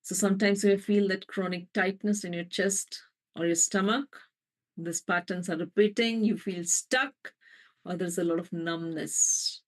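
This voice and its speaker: Gentle woman guiding an energy healing. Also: on the low side, fairly even intonation. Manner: slow, gentle guiding with spoken affirmations. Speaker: energy healer. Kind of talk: guided healing meditation. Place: live online session.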